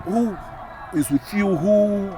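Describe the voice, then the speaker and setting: A man co-hosting a casual talk show, animated and exclaiming, with many fillers and restarts. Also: high voice, slow pace, crowd noise. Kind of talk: casual podcast chat.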